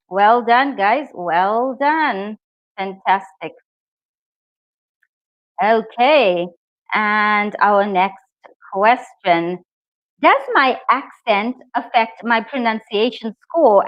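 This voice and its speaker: A woman teaching a live online English exam lesson, upbeat and encouraging as she talks to her viewers. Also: on the high side. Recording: dull lo-fi stream audio.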